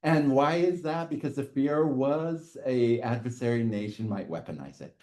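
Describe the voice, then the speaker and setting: A middle-aged man giving a university lecture in a classroom, animated and chuckling, often checking in with "okay". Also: mid-range voice, normal speed.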